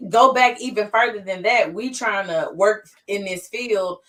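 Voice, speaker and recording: A woman's voice: medium pitch, measured pace, a bit bright. A woman co-hosting a casual podcast conversation, explaining things and acting out quoted people. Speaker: podcast co-host.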